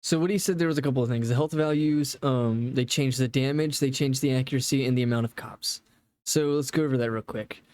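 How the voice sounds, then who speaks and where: A man's voice: medium pitch, fairly quick, a little mellow, dry recording. A man casually reacting to a game developer video, rambling and swearing now and then as he explains game mechanics. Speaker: gaming reaction host.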